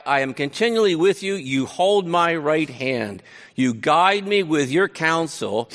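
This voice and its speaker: A man preaching a sermon, paraphrasing scripture in a conversational, animated way with frequent restarts. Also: fairly high pitch, big-room sound. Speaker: pastor.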